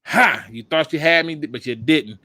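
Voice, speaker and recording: A man hosting a casual live stream, joking and reacting loudly to the chat. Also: on the high side, moderate pace. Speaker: podcast host.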